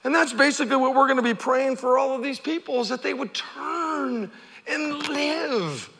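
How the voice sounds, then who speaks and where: A man preaching high, bright-voiced pastor in a reverberant hall. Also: gravelly. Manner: animated preaching with repeated words and dramatic pauses. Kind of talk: sermon.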